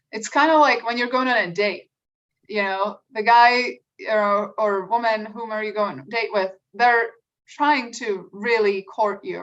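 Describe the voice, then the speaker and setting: A woman career coach giving a workshop talk on salary negotiation, conversational, with fillers and drawn-out emphasis. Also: mid-range voice. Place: meeting room. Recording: distant, dull lo-fi room recording.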